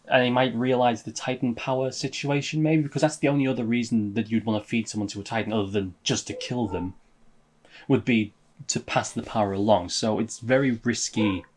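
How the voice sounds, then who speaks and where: A man reading a manga chapter aloud and reacting casually, swearing and laughing often, and getting louder and higher when amused. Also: steady tone, brisk.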